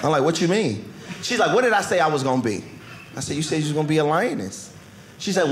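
A man doing stand-up, acting out both sides of a quarrel with big jumps up in pitch. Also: sing-song, fast talker. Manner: acts out both sides of an argument, jumping high in pitch. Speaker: stand-up comedian. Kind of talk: stand-up storytelling. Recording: echoey room with loud background noise.

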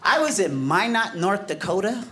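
Male stand-up comic, middle-aged, lively and swinging in pitch, working a live club crowd, loud audience noise behind. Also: normal speed. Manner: animated crowd work with character voices. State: fighting off a cold. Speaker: stand-up comedian. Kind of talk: stand-up comedy set. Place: comedy club stage before a live audience.

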